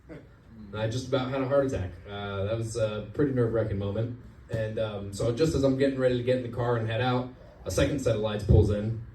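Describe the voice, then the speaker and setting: A young man works a club stage with a stand-up story, his voice low and mellow. He pauses often with "uh" and keeps a deadpan tone. The sound comes from a distance in a roomy club, with faint ambience behind. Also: a little hiss or hum. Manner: deadpan, halting delivery with many "uh" pauses. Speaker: stand-up comic. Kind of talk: open-mic stand-up storytelling.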